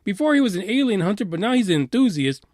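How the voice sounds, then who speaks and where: A man hosting a podcast in a profane, sarcastic rant, swinging between loud outbursts and low mutters. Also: big pitch swings, quick pace, no room sound, studio quality. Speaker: podcast host. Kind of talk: ranting podcast commentary.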